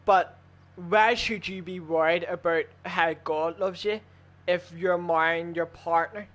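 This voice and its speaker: A man's voice: high voice, fairly even intonation, slow, a bit bright. A man in a casual chat while gaming with friends, arguing heatedly and swearing a lot. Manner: heated, profane, argumentative.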